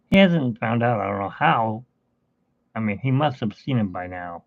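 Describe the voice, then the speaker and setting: A man's voice: medium pitch, expressive, normal speed, gravelly, no room sound, dull audio. A man chatting casually during a home art livestream, rambling and talking fondly to his cat. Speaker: artist streaming a painting session. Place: home studio.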